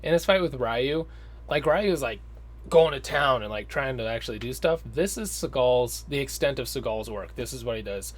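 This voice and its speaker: A man's voice: medium pitch, lively intonation, moderate pace. Rambling, cussing male movie reviewer. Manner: rambling, profane, slips into mocking impressions. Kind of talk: casual film review.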